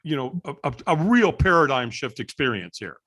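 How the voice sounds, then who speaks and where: A middle-aged man telling a story as a guest on a podcast, animated and acting out the voices of people in the story. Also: medium pitch, moderate pace, slightly rough. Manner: animated storyteller, acts out quoted dialogue. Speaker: guest, firewalk instructor.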